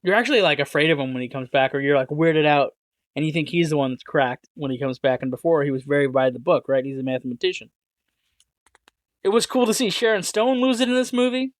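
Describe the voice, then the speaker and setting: A man's voice: on the high side, lively intonation, fast, no echo. A man hosting a movie podcast, talking casually in a rambling, self-correcting, jokey way. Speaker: podcast host. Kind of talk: casual solo podcast talk with read ads.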